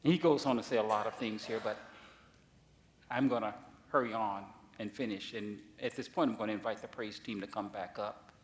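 A man pastor preaching a sermon, swinging from soft asides to loud, high-pitched emphasis. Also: normal speed. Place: church sanctuary. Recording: echoey church hall.

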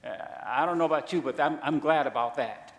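Emphatic high-voiced male preacher in a hall. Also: brisk. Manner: emphatic, swings between loud declarations and quiet asides. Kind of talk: sermon.

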